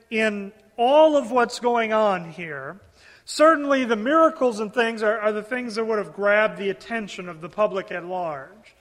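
High-voiced male preacher in a reverberant hall. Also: fairly bright tone. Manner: earnest, repeats words while building points. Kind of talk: expository sermon.

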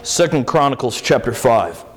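A man preaching a sermon, reading scripture and talking in an animated, conversational way with sudden jumps in pitch. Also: moderate pace, faint music behind, rough recording. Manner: animated, with emphatic leaps in pitch; conversational asides and restarts.

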